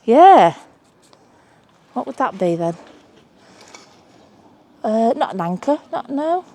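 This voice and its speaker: A woman's voice: a little high, big pitch swings, takes it slowly, dark tone, slight background noise. Woman host, outdoor beach vlog, chatty and exclamatory. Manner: chatty, exclaiming over finds. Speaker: mudlarking vlogger. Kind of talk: casual chat while searching a beach.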